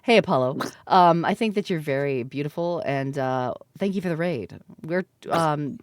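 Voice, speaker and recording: A woman's voice: sits low, animated, moderate pace, no room sound, clean studio sound. A woman in her thirties, chatting playfully on a live stream, laughing often and swearing freely. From Canada. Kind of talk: casual live-stream chat.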